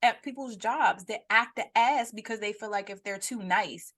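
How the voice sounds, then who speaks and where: Woman cohost on a video call podcast, chatty, laughs a lot, mid pitch, does goofy voices. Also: normal speed. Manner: animated, laughing, slips into playful put-on voices. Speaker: podcast co-host. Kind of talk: casual chat.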